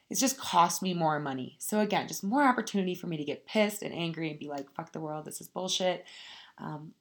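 A young woman talks straight to her viewers in a loose, chatty vlog. Her voice sits a little low, and she swears freely and laughs often while she turns a setback into upbeat advice. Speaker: vlogger. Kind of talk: casual motivational talk to camera.

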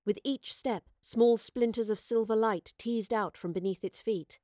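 A woman narrating an adventure story in a measured, expressive storytelling voice. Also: on the high side, dry recording, studio quality. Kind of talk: audiobook narration.

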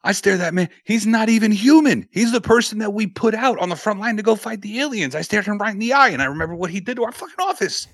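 Man imitating a shouty high-strung pundit, pitched way up, close dry sound. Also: expressive, quick pace, few pauses, no echo, heavily acted. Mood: frantic awe. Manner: yelling, frantic, high-strung. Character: excitable shouting male pundit, awed.

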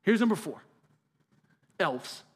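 High-voiced earnest male preacher. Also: sing-song, slow pace, slightly rough. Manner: earnest, conversational preaching with rhetorical questions. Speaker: pastor. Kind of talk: sermon.

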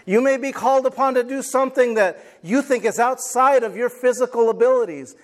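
Male pastor with a high voice, animated, dramatizes quoted voices while preaching. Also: fairly quick. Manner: call and response with congregation. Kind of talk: sermon.

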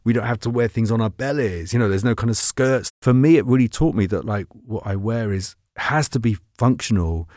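Animated man, dry studio sound. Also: on the low side, no echo. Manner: quick, self-interrupting, laughs often. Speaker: guest writer. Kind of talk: animated interview chat. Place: podcast studio.

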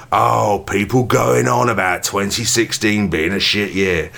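A man holds forth on a comedy podcast in a sweary, mock-angry rant. His voice leaps up and drops down with lively swings as he goes. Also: medium pitch. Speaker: podcast co-host.

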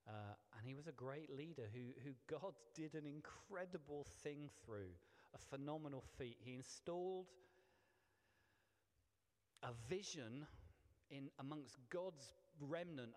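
A man's voice: fairly high pitch, darkish tone. A middle-aged man, a vicar, preaching a sermon in a chatty, self-deprecating way with many restarts. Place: church hall. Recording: long hall reverb.

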